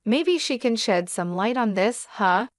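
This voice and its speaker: A woman's voice: a little high, animated, measured pace, no room sound. Woman reading a cornered husband, blustering, defensive, dry close voice, storybook reading. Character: panicking cornered middle-aged husband, smug turned desperate. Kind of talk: storytelling read-aloud.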